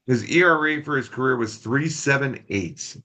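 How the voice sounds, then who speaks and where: A man's voice: medium pitch, normal speed, bright, forceful tone. A man telling a rambling, profane story on a casual podcast and acting out the quotes. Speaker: podcast co-host.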